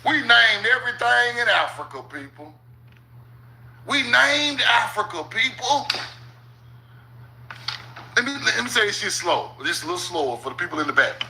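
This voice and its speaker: A man's voice: high voice, big pitch swings, moderate pace, vocal fry, long pauses, pushed and bright, a little hiss or hum, low-quality recording. A man giving casual, profane commentary while reading maps aloud, often stopping with "hold on" and laughing at his own points. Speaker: channel host.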